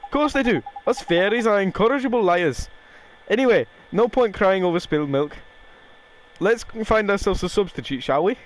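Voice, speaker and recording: A man's voice: sits high, moderate pace, a little hiss or hum, close to an everyday voice. Man reading as little fairy, cheeky, chatty, loose try at an accent. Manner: rough attempt at a regional accent, casual reading. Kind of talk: reading game dialogue aloud.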